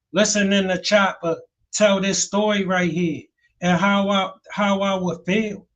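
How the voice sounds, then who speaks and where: A man's voice: high voice, fairly bright tone. A man hosting a podcast, giving earnest, preachy commentary and addressing listeners as family. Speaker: podcast host. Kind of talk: opinionated commentary.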